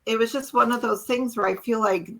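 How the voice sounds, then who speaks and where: Husky, bright-voiced woman telling her story. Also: fairly high pitch, fairly quick, rough recording. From small town. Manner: earnest, animated storytelling with quoted dialogue. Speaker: podcast guest. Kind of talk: emotional personal testimony.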